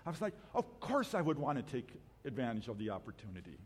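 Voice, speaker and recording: A man delivers a sermon in a church sanctuary, his pitch swinging widely as he jokes about himself. He often stops and restarts his sentences, and his voice rings with long reverb from the hall. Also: huge pitch swings, slightly rough. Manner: self-deprecating, joking, halting restarts. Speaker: guest preacher.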